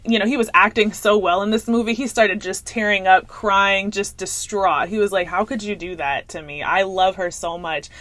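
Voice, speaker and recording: A young woman talks straight to her viewers in a relaxed, gossipy recap, sprinkling "y'all" and "like" through her sentences. Her voice sits at an ordinary middle pitch. It is recorded close and dry, with no room sound around it. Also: no echo. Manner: chatty, animated, addresses viewers as y'all. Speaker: movie reviewer. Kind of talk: casual movie recap vlog.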